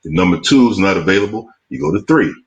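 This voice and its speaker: A man's voice: deep voice, animated, muffled recording. A man hosting a casual chat as a film producer, blunt and emphatic, on a video call. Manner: blunt, emphatic, drawn-out asides.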